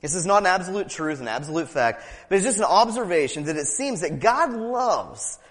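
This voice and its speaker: A man preaching with a fervent, emphatic delivery, circling back on key phrases and firing off rhetorical questions. His voice sits high for a man and swings widely in pitch. A long reverb hangs behind him, as in a large hall. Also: very animated, a bit bright. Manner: breaks into laughs and quick asides. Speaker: pastor. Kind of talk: sermon.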